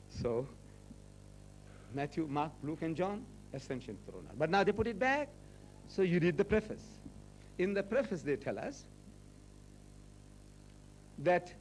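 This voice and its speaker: A man's voice: a little high, animated, a little fast, pauses often, darkish tone, slight background noise, poor audio. A man in his sixties giving a public lecture to a university audience, rhetorical and teasing, hammering points home with repetition. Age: 60s. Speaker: Muslim lecturer.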